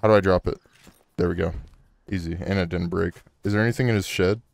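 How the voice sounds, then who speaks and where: Excitable man with a low voice, swearing. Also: quick pace, vocal fry. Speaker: gameplay streamer. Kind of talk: casual co-op gameplay chat.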